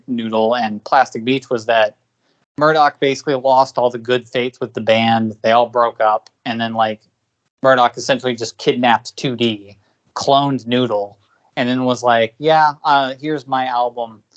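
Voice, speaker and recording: A man's voice: mid-range voice, steady tone, moderate pace, dull audio. A man co-hosting a podcast in casual discussion, talking at length with many fillers and restarts. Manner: rambling, filler-heavy, frequent restarts. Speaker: podcast co-host.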